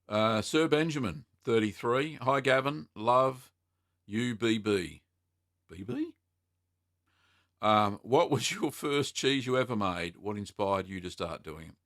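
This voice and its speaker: Bright-toned Australian man hosting a livestream. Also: lowish voice, dry recording, clean studio sound. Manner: relaxed, lots of ums and uhs, reads comments aloud. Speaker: livestream host answering cheesemaking questions. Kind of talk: casual live chat reading viewer comments.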